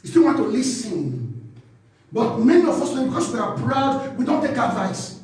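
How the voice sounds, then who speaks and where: A man preaches in a high, animated voice that leaps up and down. He speaks emphatically and draws responses from the congregation. The recording is very echoey and distant, caught from across a church hall. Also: normal speed. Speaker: pastor. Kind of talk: sermon.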